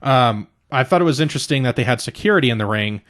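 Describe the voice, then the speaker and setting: A man's voice: mid-range voice, animated, fast talker, a bit bright. A young man co-hosting a casual podcast, rambling through a recap with plenty of swearing and restarts. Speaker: podcast co-host. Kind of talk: casual chat.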